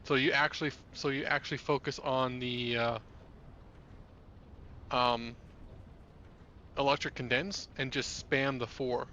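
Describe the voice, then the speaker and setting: A man talking over an online voice chat while gaming, thinking aloud and pausing often to find words. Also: medium pitch, steady tone, sharp tone, muffled recording, a little hiss or hum. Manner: halting, thinks aloud about builds. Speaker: co-player. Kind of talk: casual gameplay chat.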